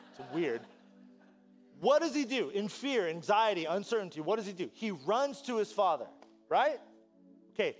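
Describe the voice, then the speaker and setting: A man preaching a sermon as pastor, telling a story with lively, animated delivery and acting out voices. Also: very high-pitched.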